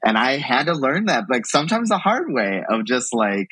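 Man, podcast guest, casual chat, animated, dry close sound. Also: mid-range voice, moderate pace, hardly any pauses, breathy edge, no room sound, rough recording. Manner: animated, acts out quoted exchanges, laughs often. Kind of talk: casual conversation.

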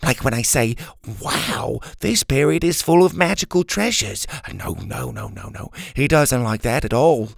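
A man's voice: medium pitch, lively intonation, unhurried, vocal fry, few pauses, no echo, studio quality, full character voice. A man voicing a chatty, loose-lipped old male pirate crewman who rambles in a children's audio story. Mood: gossipy.

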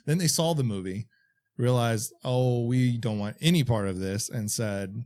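A man with a mid-range voice chatting on a podcast. He recounts behind-the-scenes facts at an easy pace, pausing with fillers as he recalls names. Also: medium pitch. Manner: relaxed, shares trivia with fillers. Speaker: podcast co-host. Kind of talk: casual movie chat.

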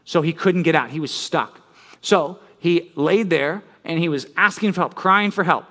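A man's voice: a little high, normal speed, bright, forceful tone. A man preaching a sermon in a conversational way, often checking in with listeners with "right?" and building up intensity as he tells stories. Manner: storytelling with rising intensity. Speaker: pastor.

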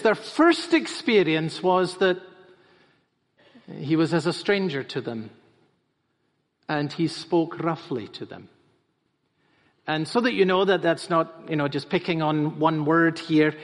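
A man preaching a sermon as pastor, emphatic and repeating phrases for stress. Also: high-pitched. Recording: reverberant hall.

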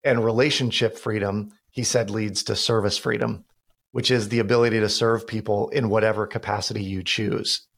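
A man's voice: fairly low pitch, level tone, normal speed, creaky. A man talking as a podcast guest and financial expert, telling stories earnestly in casual conversation. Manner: storytelling with quoted dialogue, earnest.

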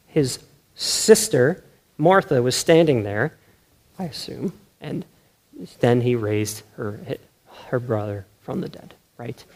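A man's voice: medium pitch, slow. A man preaching a sermon in a loose, conversational way, often checking in with the room and restarting his sentences. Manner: conversational, self-correcting, keeps asking "right?"; animated, laughs often. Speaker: pastor.

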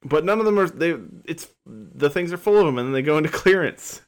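A man's voice: a little high, lively intonation, fairly quick, clean tone. A man co-hosting a podcast, chatting casually with a joking, rambling manner. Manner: joking, rambling, self-interrupting. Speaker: podcast co-host.

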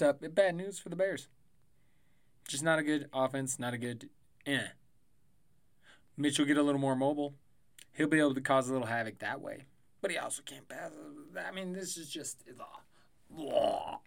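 A young adult man hosting a podcast, talking casually and rambling with frequent swearing. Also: mid-range voice. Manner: rambling, profane, loose and chatty. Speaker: podcast host. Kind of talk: casual sports prediction podcast.

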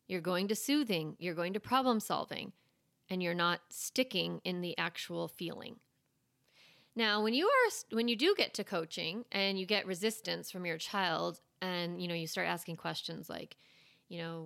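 A woman's voice: lowish voice, lively intonation, moderate pace, gravelly, a bit bright, dry recording. A woman hosting a parenting podcast, giving reassuring advice in a chatty, casual way. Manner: chatty, reassuring, lots of "like" and "you know". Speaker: parenting coach and podcast host.

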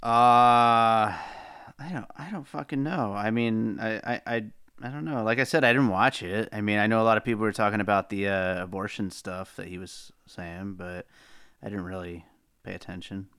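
Guy with a clean smooth voice, mumbly and unsure, podcast chat, dry mic. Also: fairly low pitch, steady tone, normal speed, fairly bright tone, no echo. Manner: mumbling, hesitant, laughs often. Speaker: podcast co-host, musician. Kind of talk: casual chat.

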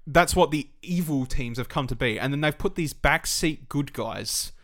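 A man co-hosting a casual gaming podcast, animated and swearing freely as he chats. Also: mid-range voice, normal speed. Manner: animated, swears freely, breaks into mock voices. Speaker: podcast co-host.

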